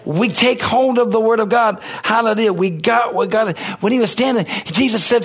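A male pastor delivering a sermon in an emphatic, call-and-response style. His voice sits fairly high and has a husky edge. He keeps turning to the congregation for answers. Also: normal speed, hardly any pauses.

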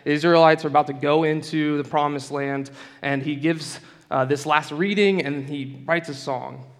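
A man preaching a sermon in a relaxed, conversational storytelling way, with casual asides to the room. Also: on the high side, moderate pace, long reverb tail.

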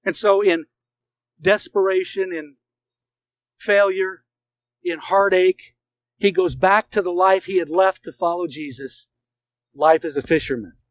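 Male pastor with a high voice, earnest sermon storyteller who leans on dramatic pauses. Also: steady tone, rough recording.

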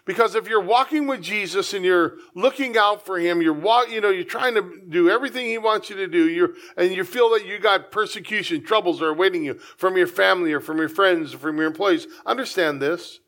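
A man's voice: sits high, brisk, few pauses, fairly bright tone. A man pastor preaching a conversational sermon, breaking into acted-out asides.

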